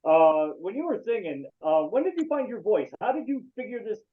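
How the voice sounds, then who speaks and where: A man's voice: sits high, very animated, brisk. A man hosting a casual interview, asking loose, rambling questions with a laugh. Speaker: podcast host. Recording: tinny phone-like line.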